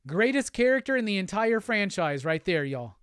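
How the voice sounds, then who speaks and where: Excitable, cursing male host. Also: sits high, normal speed, clear, resonant tone, dry recording, clean studio sound. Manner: excitable, profane, exclamatory. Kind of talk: casual livestream unboxing chat.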